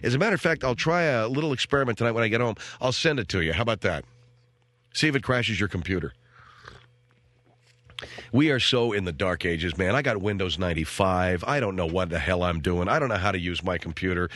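A man's voice: low-pitched, fairly quick, a bit bright, dry recording. A middle-aged man hosting a talk show, ranting in a rambling, wisecracking way and mimicking the people he talks about. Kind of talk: comic rant to co-hosts.

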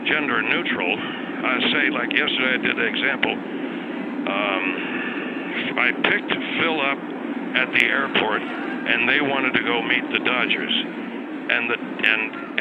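A man's voice: medium pitch, muffled recording, very noisy. A man on the line in joking banter, rambling and mocking the hosts. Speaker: guest on the line.

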